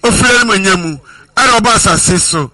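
Male preacher, high and very bright voice, measured sermon delivery, dry close sound. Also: no room sound, low-quality recording. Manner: measured preaching with scripture citations and repeated refrains.

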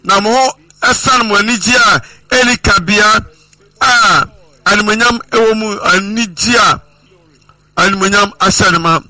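Male preacher, high and very bright voice, measured sermon delivery, dry close sound. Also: no room sound, rough recording. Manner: measured preaching with scripture citations and repeated refrains.

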